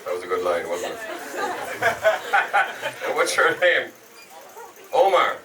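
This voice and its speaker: A man's voice: on the low side, very animated, moderate pace, very noisy. An Irish man doing stand-up crowd work, teasing audience members and swearing. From Ireland. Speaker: stand-up comedian. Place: comedy club before a live audience. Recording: roomy live club sound from a distance, loud crowd. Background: audience laughter.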